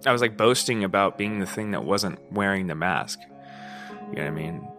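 A man's voice: deep voice, expressive, a little fast, over music. A man hosting a podcast, talking through a personal story in a candid, profane, rambling way, often asking "you know what I mean?". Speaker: podcast host. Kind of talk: casual monologue.

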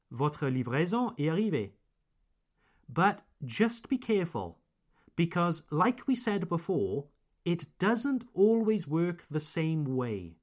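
A man hosts a podcast language lesson, drawing out each example phrase slowly and clearly. His delivery is unhurried, and his pitch rises and falls a great deal. His voice sits slightly higher than most men's. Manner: slow, clear, drawn-out modeling of example phrases. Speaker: English teacher and podcast host.

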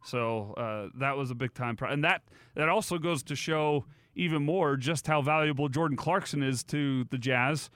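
A man's voice: medium pitch, moderate pace, a bit bright, clear, resonant tone, dry recording. A man hosting a sports talk radio show, chatty and laughing often as he takes calls. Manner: chatty, laughs often, reads phone number.

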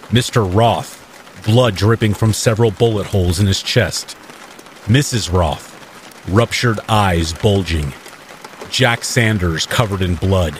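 A man narrating a horror story in the first person, in a measured and dramatic manner. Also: lowish voice, a little hiss or hum. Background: rain.

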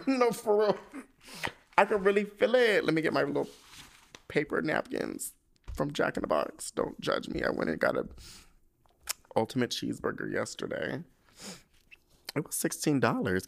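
A young man hosting a podcast, chatting casually in a camp, swearing style and reading a listener's letter aloud, getting choked up. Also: mid-range voice. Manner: animated, camp, swears freely, gets emotional while reading. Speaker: podcast host.

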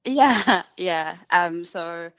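A woman's voice: on the low side, expressive, extremely slow, a bit bright, clear, resonant tone, no echo. A woman in her twenties with a New Zealand accent, calling in to a podcast, hesitant with frequent ums and nervous laughs. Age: 20s. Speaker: caller. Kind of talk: phone-in call to a podcast.

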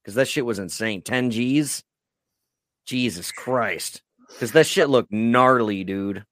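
A man hosting a casual podcast asks loose, excited questions, swearing as he goes. His voice sits at a middle pitch, and the recording is dry and close-miked. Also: slow pace, no room sound. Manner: laid-back, profane, enthusiastic questions. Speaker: podcast host.

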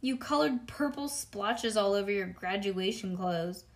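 A woman voicing a snooty, bossy little girl who talks loudly and scornfully. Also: mid-range voice, unhurried, close to an everyday voice. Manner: loud, scornful, drawn out.

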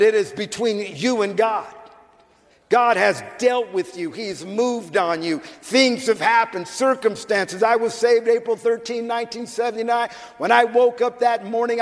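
An older man pastor preaching a sermon in an emphatic, conversational way, with restarts and asides. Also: high voice. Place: church sanctuary. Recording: church hall with long reverb.

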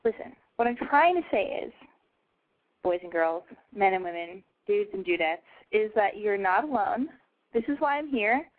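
A woman's voice: medium pitch, lively intonation, moderate pace, dry recording. A young woman hosting a casual call-in radio show from home, talking in a brash, profane, self-mocking way. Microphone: home mic over a call-in line. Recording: dry, tinny phone-line sound.

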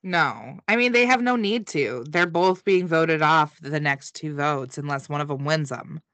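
Woman, podcast co-host, slow giggly delivery, swears, dry close sound. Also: deep voice, fairly bright tone, no room sound. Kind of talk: casual recap chat.

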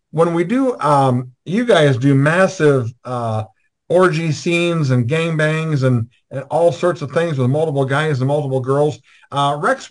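A man hosting a video call show, asking questions in a halting way full of fillers. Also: fairly high pitch. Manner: halting, fills gaps with uh and um. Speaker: host.

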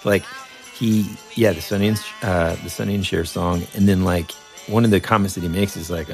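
A man's voice: deep voice, steady tone, brisk, darkish tone, faint music behind. A man co-hosting a podcast, chatting casually about movies in a laid-back way. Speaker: podcast co-host.

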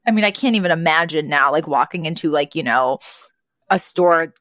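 Animated woman on a dry close mic. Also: sits low, brisk, no echo. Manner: animated, laughs while talking, fillers. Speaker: podcast co-host. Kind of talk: casual TV recap chat.

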